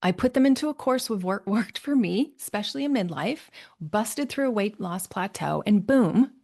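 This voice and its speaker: A woman's voice: medium pitch, animated, moderate pace, creaky, a little mellow. A middle-aged woman coach talking solo on a podcast, upbeat and chatty, often tagging lines with "right?". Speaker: midlife health coach, podcast host.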